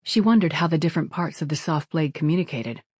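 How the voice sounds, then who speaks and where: An audiobook narrator reading a science fiction story in a steady, even way. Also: medium pitch, quick pace, slightly rough, no room sound, clean studio sound. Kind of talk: scripted narration.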